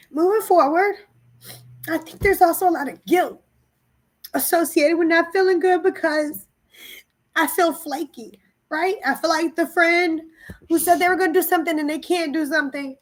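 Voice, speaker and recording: Her voice extremely high and her speed normal, a young woman vlogger who organizes group trips confides in her camera. She's candid and emotional about feeling exhausted and unwell, chatting casually.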